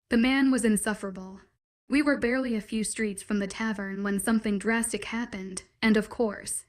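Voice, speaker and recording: A woman narrating a first-person romance story in a steady storytelling read. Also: mid-range voice.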